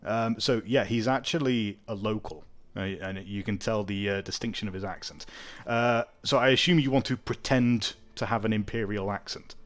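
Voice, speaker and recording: A man's voice: lowish voice, moderate pace. A man narrating as game master of a tabletop game, chatty with many fillers.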